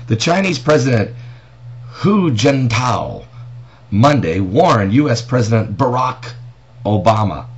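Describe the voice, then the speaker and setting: A man of ordinary pitch talks through the news as a pastor in a casual vlog. He reads from an article and then breaks off with emphatic, pointed rhetorical questions. The recording sounds dull and lo-fi, with a faint hiss underneath. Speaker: pastor and prophecy commentator. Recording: dull lo-fi audio with faint noise.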